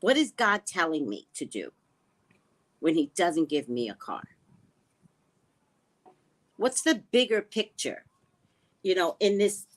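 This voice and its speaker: A woman running a spiritual vlog, talking slowly and reflectively and often dropping to a hushed tone. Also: low-pitched. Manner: slow, musing, often drops to a hushed tone. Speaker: spiritual reader and vlogger. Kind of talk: reflective personal talk. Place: living in the Caribbean.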